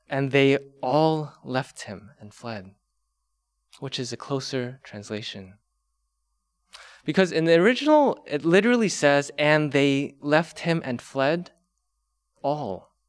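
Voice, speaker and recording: A man preaching a sermon, slow and emphatic, repeating key words for weight. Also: mid-range voice. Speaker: pastor.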